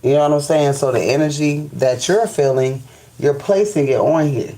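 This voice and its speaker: A man's voice: on the high side, moderate pace, mellow, rough recording. A man hosting a spiritual live stream, ranting in casual, profane speech and repeating "you know what I'm saying.". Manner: restarts and stammers when fired up.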